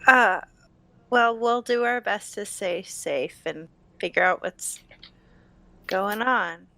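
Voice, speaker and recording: Slow, understated woman player. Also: medium pitch, gravelly, sharp tone. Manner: slow, understated, a bit awkward. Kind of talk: in-character tabletop roleplay.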